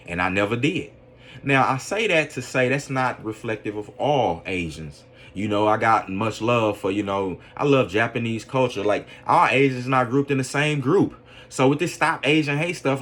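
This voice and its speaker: A man's voice: medium pitch, moderate pace, a bit bright. A man giving a casual opinion monologue on a podcast. He rambles, fills his talk with "you know", keeps checking in with the listener, and turns earnestly preachy about his faith. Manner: earnest, preaching religious conviction. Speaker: podcast commentator.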